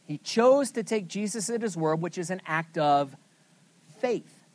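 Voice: mid-range voice, animated, a little slow, dry recording. A Bible study teacher leading a scripture lesson, asking the group questions and then answering them with emphasis.

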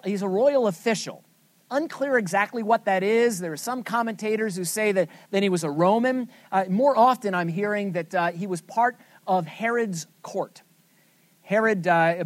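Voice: medium pitch, dry recording. Questioning Bible study teacher, dry sound. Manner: asks the group many questions, then answers them with emphasis. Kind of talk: teaching a scripture lesson.

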